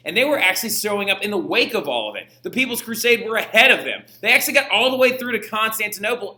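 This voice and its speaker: A man's voice: high-pitched, pushed and bright, roomy sound. A male teacher giving a casual history lesson, chatty and slangy, saying "right?" and "like" a lot and acting out the people in it for laughs. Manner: voices the people he talks about for humor.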